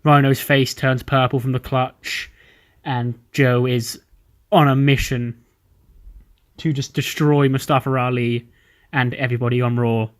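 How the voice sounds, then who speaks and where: A man's voice: mid-range voice, flat delivery, unhurried. Laid-back male game commentator. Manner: laid-back narration of booking a wrestling show. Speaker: let's play commentator.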